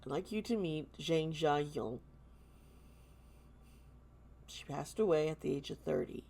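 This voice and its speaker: Slow, low-voiced woman vlogging earnestly. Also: darkish tone. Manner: earnest, halting, with many pauses and restarts. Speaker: tarot channel host. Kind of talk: casual vlog commentary.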